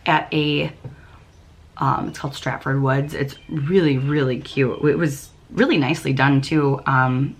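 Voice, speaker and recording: A young woman hosts a knitting podcast in a relaxed, chatty way. Her voice sits low, and she fills her talk with ums, restarts and small laughs. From United States. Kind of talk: casual chat.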